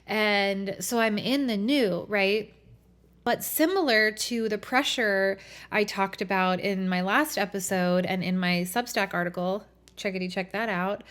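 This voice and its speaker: A young adult woman hosting her own podcast, talking in a casual, reflective way with many fillers. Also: mid-range voice. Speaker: podcast host. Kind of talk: reflective solo podcast talk.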